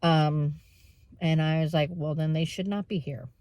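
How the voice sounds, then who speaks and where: Woman, slightly low voice, casual vlog talk, candid, filler-heavy. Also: steady tone, moderate pace, darkish tone, no echo. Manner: candid, emotional, many fillers and throat clearing. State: tearful at times. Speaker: vlogger. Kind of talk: casual vlog chat while running errands.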